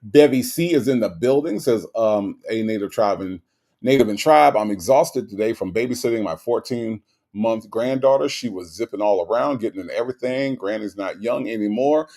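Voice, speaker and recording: A man's voice: lowish voice, lively intonation, moderate pace, warm tone. A man hosting a casual livestream, greeting viewers by name and reading their chat messages aloud. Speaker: livestream host.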